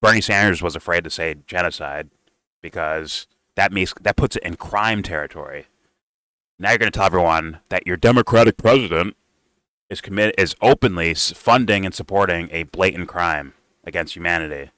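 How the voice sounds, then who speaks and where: A man's voice: sits low, moderate pace, sharp tone, no echo. A man hosting a casual reaction commentary, heated, sarcastic and profane. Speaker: political commentator.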